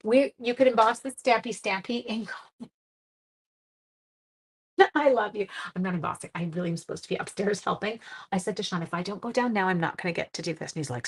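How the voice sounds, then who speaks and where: Speaking fast in a slightly rough mid-range voice, a middle-aged woman from Canada chats with viewers during a papercraft live stream. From her home craft room, she's casual and self-deprecating while working.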